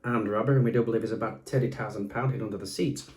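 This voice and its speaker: A man's voice: fairly low pitch, steady tone, a little mellow, echoey room, natural voice. A man putting on the voice of a formal, stern police officer making a prank call. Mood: officious. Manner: slow, formal, official-sounding.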